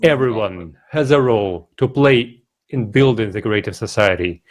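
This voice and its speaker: A man giving an earnest, deliberate formal speech at a conference. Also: lowish voice, expressive. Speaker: conference speaker. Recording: speech over audible crowd. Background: crowd.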